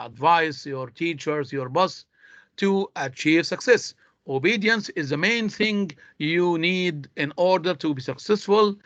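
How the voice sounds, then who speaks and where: A man's voice: a little high, a bit bright, no room sound. A man teaching English in an online class. He speaks, his tongue is Arabic, and he explains patiently, step by step. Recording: dull lo-fi online call audio.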